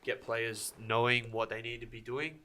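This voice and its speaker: A man's voice: mid-range voice, little pitch movement, pushed and bright. A man, a strength and conditioning coach, talking casually on a podcast with frequent fillers and restarts. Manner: halting, many restarts and fillers.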